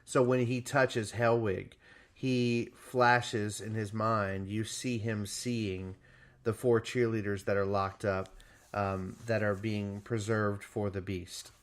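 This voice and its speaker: A man's voice: lowish voice, level tone, slow pace. A man co-hosting a podcast, casually reviewing a movie with enthusiasm and some teasing. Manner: enthusiastic, teasing, explains plot details. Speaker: podcast co-host.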